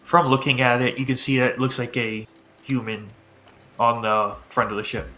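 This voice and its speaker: A man running a tabletop game, calmly describing scenes to the players. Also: medium pitch, normal speed, a little hiss or hum, rough recording. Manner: calm descriptive narration. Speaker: game master.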